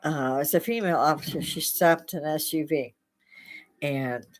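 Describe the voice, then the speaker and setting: A woman with a slightly low voice tells spooky stories in a loose, chatty way. She laughs often as she talks, like a host chatting with friends. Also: normal speed. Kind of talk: casual storytelling.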